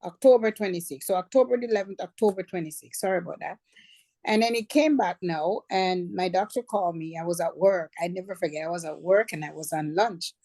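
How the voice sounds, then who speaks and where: Warm-voiced middle-aged woman telling her story. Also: on the low side, a little fast, no room sound. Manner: conversational, backtracks and corrects herself. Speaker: cancer survivor sharing her story. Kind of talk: personal storytelling.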